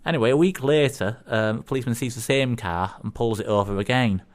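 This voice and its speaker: Fast and mid-range in pitch, a radio co-host from the North of England cracks jokes on a community station. The delivery rambles and stalls, heavy with fillers.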